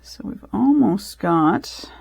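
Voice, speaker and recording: A woman's voice: medium pitch, expressive, slow pace, creaky, a little mellow, slightly rough, no room sound. A woman vlogging as she makes a resin craft, chatting casually, rambling and correcting herself as she thinks aloud. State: out of breath.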